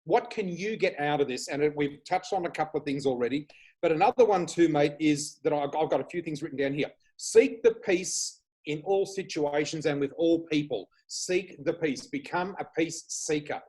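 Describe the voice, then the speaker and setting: An Australian man guesting on a video podcast, talking with lively, excitable enthusiasm about spiritual matters. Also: on the high side, moderate pace, slightly rough, poor audio. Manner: enthusiastic, excitable, laughs often. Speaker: flower reader guest. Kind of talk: casual spiritual chat.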